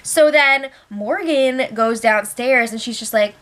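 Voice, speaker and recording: Woman host, bright and slightly high voice, chatty opinionated recap with quick asides. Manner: chatty and opinionated, acts out quotes. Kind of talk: casual spoiler recap.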